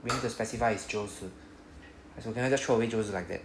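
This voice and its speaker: A man's voice: fairly low pitch, a little hiss or hum. Singaporean man, Japanese teacher, patient step-by-step drilling, echoey room. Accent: Singaporean English. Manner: patient, explains step by step, drills phrases slowly. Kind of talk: classroom teaching. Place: classroom.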